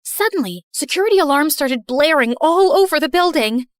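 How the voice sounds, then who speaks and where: High, bubbly woman narrating a story. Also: lively intonation, normal speed, dry recording, studio quality. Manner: bubbly, quirky, playful. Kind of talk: first-person animated story narration.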